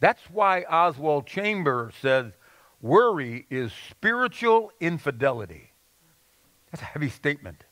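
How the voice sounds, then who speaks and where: Male pastor, high voice, dry close sound, earnest sermon with folksy stories. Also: big pitch swings, a little slow, bright, forceful tone, no echo. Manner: earnest preaching with folksy anecdotes and call-and-response.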